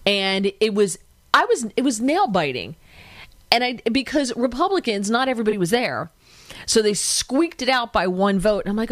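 A woman's voice: a little high, dry recording. Lady radio host ranting about politics, fired up, dry close mic. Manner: animated, indignant, talks fast in bursts. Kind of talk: opinionated talk radio commentary.

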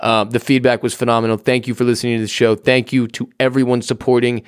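A man ends his solo podcast with a casual, joking ramble full of swearing, recorded from his home office. He talks fast at medium pitch in a level, clean tone, and the studio sound is clean with no echo.

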